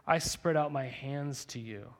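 A man's voice: mid-range voice, measured pace. A young man preaching a sermon to his congregation in a conversational way, full of rhetorical questions and "right?". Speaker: pastor.

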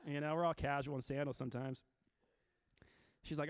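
Slightly high and smooth, the fast-talking voice of a thirty-something pastor comes through with studio quality and no echo. He offers an informal, sincere sermon, repeatedly restarting what he's saying.

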